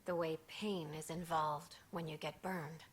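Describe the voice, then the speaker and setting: An actress voicing a shaken young female junior officer in a video game, speaking in a weary, hushed way. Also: low-pitched, steady tone, unhurried, slight background noise. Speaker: game character.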